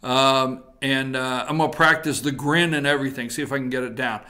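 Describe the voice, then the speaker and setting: A man's voice: medium pitch, steady tone, a little fast, bright, forceful tone. A man hosting a political opinion talk show, talking straight to viewers in a blunt, folksy way. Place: TV studio.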